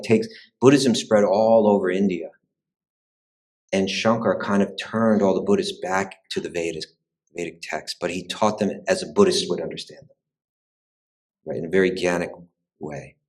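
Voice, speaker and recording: Low-voiced guy teaching spiritual history, chatty, lots of "you know" and restarts, keeps circling back on his words. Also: poor audio. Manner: thoughtful, many restarts and repeated words; conversational, frequent "you know" and "right".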